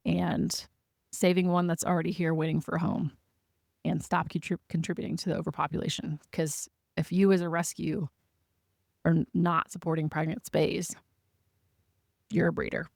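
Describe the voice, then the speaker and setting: Young adult woman, shelter guest, casual and rambling, gravelly voice. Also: lowish voice, little pitch movement, normal speed, darkish tone, dry recording, studio quality. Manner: chatty, many "like" fillers. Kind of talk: casual interview storytelling.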